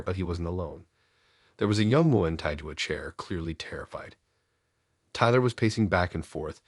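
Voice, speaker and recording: A man narrating first-person horror stories in a steady, hushed, scripted delivery. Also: deep voice, husky, dry recording, studio quality.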